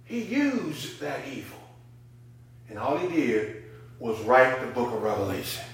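A man preaching a sermon in church. He swings between hushed asides and near-shouted emphasis, with casual remarks to the congregation. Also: mid-range voice, sing-song, a little slow. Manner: informal, conversational asides with the congregation. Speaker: pastor. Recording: echoey church room.

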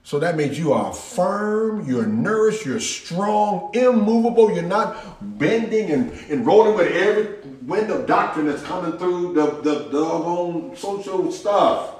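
A man's voice: sits high, expressive, a little slow, a little mellow, far from the mic. A man preaching a sermon in an emphatic, repetitive, folksy manner. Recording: roomy echo.

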